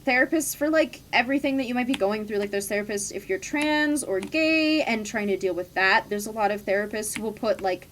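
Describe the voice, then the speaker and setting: A woman's voice: mid-range voice, animated, a little fast, hardly any pauses, fairly bright tone, a little hiss or hum. A woman in her twenties chatting candidly while streaming a game, full of "like" fillers. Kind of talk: casual chat while gaming.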